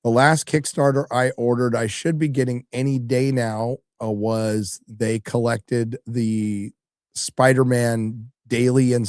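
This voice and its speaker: A middle-aged man hosts a live stream in a loose, chatty way, cursing often as he reads out viewer messages. His voice sits at an ordinary pitch and is recorded dry and close to the mic. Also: darkish tone, no echo. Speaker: livestream host reading donations. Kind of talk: casual live-stream chat.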